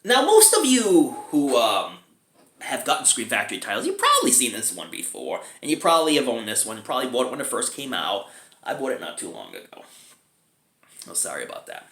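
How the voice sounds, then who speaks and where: A man's voice: medium pitch, wildly swooping pitch, fairly quick, fairly bright tone, roomy sound. A man giving a casual, chatty film review, chuckling often between remarks.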